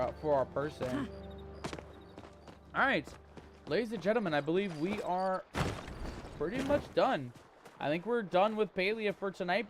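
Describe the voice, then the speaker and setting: A man hosting a live gameplay stream, chatty and upbeat, greeting viewers with pirate slang. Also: high-pitched. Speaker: livestream host.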